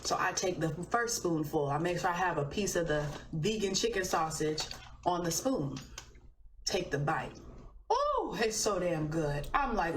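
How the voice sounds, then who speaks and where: A young woman on a livestream, telling a story in a chatty, animated way and swearing casually. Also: on the low side, unhurried. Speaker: singer on a livestream. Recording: echoey, distant playback with faint noise.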